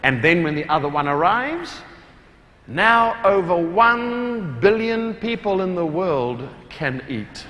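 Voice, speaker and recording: A man with a New Zealand accent giving a humorous talk to a large hall audience, animated and playful, with loud acted-out quotes. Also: high voice, slow pace. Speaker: motivational speaker. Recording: reverberant hall, faint room noise.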